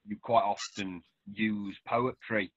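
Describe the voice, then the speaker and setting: A man's voice: on the low side, fairly even intonation, takes it slowly, a bit bright, no echo. Thoughtful man on a dull dry line. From England. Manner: thoughtful, admiring, winding sentences. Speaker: author and interviewer. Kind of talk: casual literary discussion.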